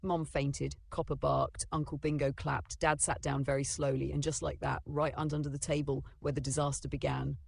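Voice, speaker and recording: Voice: medium pitch, level tone, normal speed, gravelly, few pauses, husky, no echo. A narrator reading a children's storybook in a dramatic, playful way.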